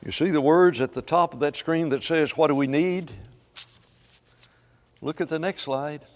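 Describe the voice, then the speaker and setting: A man preaching a sermon to a congregation, swinging between hushed lines and loud, drawn-out emphasis. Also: a little high. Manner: dramatic swings from soft to loud, slow emphatic phrasing. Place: church sanctuary. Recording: long hall reverb.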